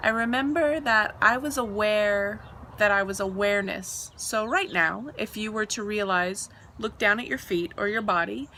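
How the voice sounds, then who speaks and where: A woman's voice: mid-range voice, bright, forceful tone, a little hiss or hum. A woman earnestly describing her own near-death experience in a reflective, explanatory way. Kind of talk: reflective personal storytelling.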